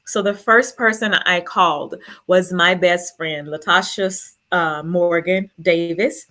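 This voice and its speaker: A woman's voice: on the low side, steady tone, takes it slowly, pushed and bright. Earnest woman telling a personal story. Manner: earnest, emotional, fighting back tears. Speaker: speaker sharing her story.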